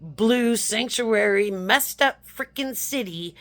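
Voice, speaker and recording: A woman's voice: mid-range voice, slow. A woman vents to camera in an indignant, outraged monologue. She retells phone calls and mixes in the other side's words along with her own angry replies. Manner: indignant, recounting phone calls with quoted voices. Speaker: vlogger.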